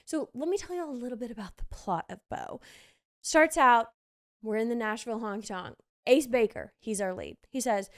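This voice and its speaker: A young woman hosts a casual podcast, gushing about shows she has seen. Her voice sits fairly high and comes across smooth and clear, with plenty of fillers. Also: moderate pace. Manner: chatty, gushing, many fillers. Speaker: podcast host. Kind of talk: casual theater review chat.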